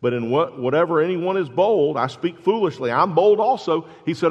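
A pastor preaching a sermon, building to loud, emphatic exclamations. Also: male voice, a little high, lively intonation, normal speed, hardly any pauses, slightly rough. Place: church sanctuary. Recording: dull sound with long hall reverb.

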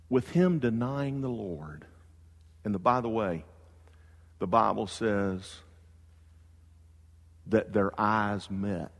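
A man preaching a sermon in a church, telling a story with lively excitement that drops to slow, hushed earnestness. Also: medium pitch, big-room sound. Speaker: pastor.

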